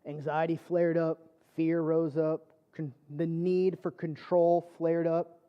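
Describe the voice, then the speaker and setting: A man's voice: fairly high pitch, monotone, slow, clear, resonant tone, dull audio. A man preaching a personal testimony sermon, telling his story conversationally with lots of fillers. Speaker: church speaker.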